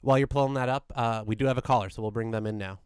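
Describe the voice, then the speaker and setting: A man with a smooth, resonant voice co-hosting a sports call-in show. He keeps an even keel and talks in a measured way. The sound is dry and close, with no room echo. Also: mid-range voice. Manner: even-keeled and measured, takes the calls. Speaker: co-host of a call-in hockey post-game show. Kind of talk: casual chat.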